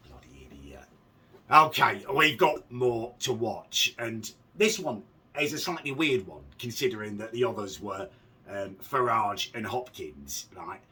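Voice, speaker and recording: A man's voice: fairly low pitch, big pitch swings, unhurried, pushed and bright, slightly rough, distant mic. A man hosting a reaction video, ranting sarcastically and sounding exasperated. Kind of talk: casual reaction commentary.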